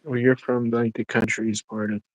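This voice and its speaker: A man's voice: mid-range voice, flat delivery, normal speed, no echo, rough recording. Rambling man on a casual livestream. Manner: rambling, filler-heavy, "you know what I'm saying". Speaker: livestream co-host. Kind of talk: casual chat.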